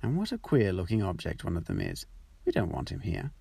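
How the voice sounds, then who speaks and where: A man's voice: low-pitched, wildly swooping pitch, a little fast, creaky, warm tone, breathy edge, no echo, recorded from a distance, full character voice. A man voicing a spiteful, sneering farmyard duck in a storybook. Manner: sneering, hostile.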